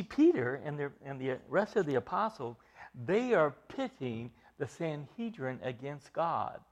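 A male preacher delivers an emphatic sermon, his voice a little high as it builds to loud, stressed phrases and then drops to quiet asides.

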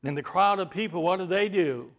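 A man preaching a sermon, asking rhetorical questions and swinging between loud emphasis and hushed asides. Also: high voice, fairly quick, gravelly.

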